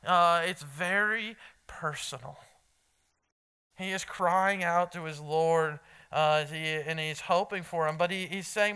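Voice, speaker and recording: A man preaching a sermon in a high, bright and clear voice. He speaks earnestly and repeats his key points for emphasis. He talks directly to the people listening to him. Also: measured pace. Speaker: pastor.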